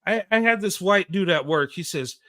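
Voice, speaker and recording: A male show host delivers impassioned live commentary with blunt, emphatic energy, stammering, restarting sentences and swearing occasionally. His high-pitched voice is expressive, bright and forceful, at a normal speed.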